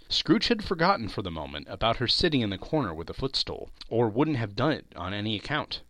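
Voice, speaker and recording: A man's voice: on the low side, big pitch swings, fairly quick, hardly any pauses, bright, forceful tone, no echo. A man hosting a podcast gives a dramatic reading of a classic story, telling it expressively and with emphatic swings. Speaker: podcast host and reader.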